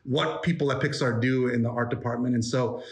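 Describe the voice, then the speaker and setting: A man's voice: medium pitch, steady tone, brisk. Rambling man in an echoey room. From New York. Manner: rambling, many fillers and restarts. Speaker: guest, animator. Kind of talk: casual interview chat.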